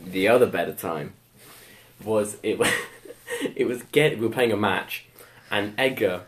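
A man's voice: on the low side, unhurried, slight background noise. A young man telling rambling school stories on a casual podcast, full of "like" fillers and laughter. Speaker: podcast co-host. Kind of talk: casual storytelling chat. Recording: echoey room.

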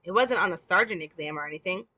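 A woman's voice: mid-range voice, expressive, normal speed, pushed and bright, no room sound. A woman reading the lines of a sarcastic, hard-bitten male police detective from a script in a dry, mocking way.

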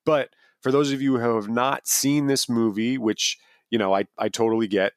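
Man, podcast co-host, casual rambling chat, lots of "like", middle pitch, dry. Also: steady tone, normal speed, dry recording. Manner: rambling, many fillers and restarts.

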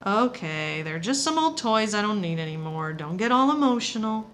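A woman's voice: medium pitch, very animated, normal speed, fairly bright tone, slight background noise. A woman voicing a blunt, teasing young woman. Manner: brushing off, teasing.

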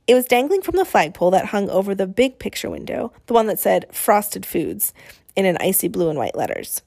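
A woman narrating an audiobook in scripted, lively storytelling. Her voice sits in a middle pitch, even and clear. She moves through the story with energy. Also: fairly quick.

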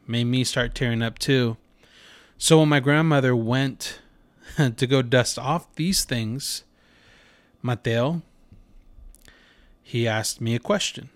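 Male podcast host in his thirties, loose chatty storyteller, average pitch, dry and close. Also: dry recording. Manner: rambling, with many fillers and restarts. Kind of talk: casual storytelling monologue.

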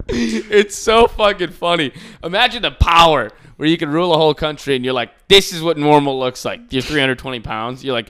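A man's voice: on the high side, a little fast, few pauses, fairly bright tone, clear, resonant tone. A young man co-hosting a casual comedy podcast, crude and joking, swearing and laughing often. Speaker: podcast co-host.

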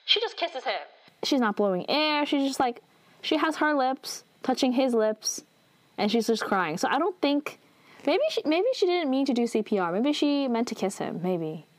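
A woman's voice: high voice, lively intonation, normal speed, dry recording. Chatty woman recapping a drama, dry sound. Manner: chatty, many "like" fillers, retells dialogue. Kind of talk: casual episode recap.

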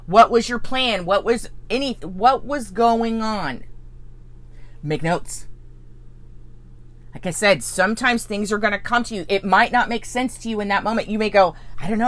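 An earnest woman teaching a spiritual coaching lesson at an everyday middle pitch. She keeps checking in with her listeners and slips into their inner voice to show what they might think. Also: fairly bright tone. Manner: earnest, tags lines with "right?" and "okay?".

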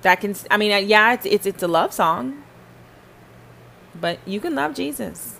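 This podcast host is a woman speaking straight to her audience about faith, casual yet emphatic and preachy. Her mid-range voice is expressive and creaky, fairly bright, and a little slow.

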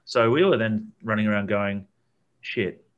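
A man's voice: on the low side, unhurried, lo-fi sound. A man, telling a long, rambling camping story in a casual chat, with lots of fillers and repeated words.

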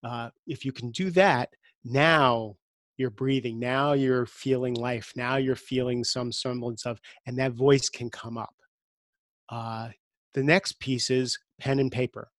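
A man's voice: mid-range voice, fairly even intonation, measured pace, no room sound. Middle-aged guy, guest on an interview, earnest, keeps repeating himself as he thinks, dry close mic. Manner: earnest, repeats words while thinking aloud. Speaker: guest coach. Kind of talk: conversational interview.

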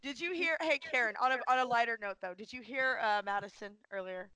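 A woman's voice: on the high side, a little fast, sharp tone, no echo. A woman co-hosting a comedy podcast, teasing and laughing as she plays straight woman in casual banter. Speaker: podcast co-host.

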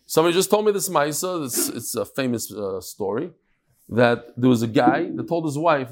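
A man's voice: mid-range voice, animated, moderate pace. A man giving a casual Talmud class lecture, mixing in Hebrew and Yiddish terms and telling anecdotes. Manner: tells jokes and anecdotes. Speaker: Talmud teacher.

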